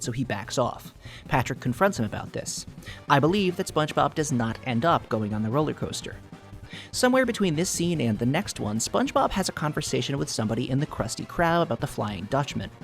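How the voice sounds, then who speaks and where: Animated man in a mock-serious video essay. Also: mid-range voice, fairly quick, creaky, soft background music. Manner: earnest over-analytical delivery, stifling laughter. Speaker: YouTube theory video host.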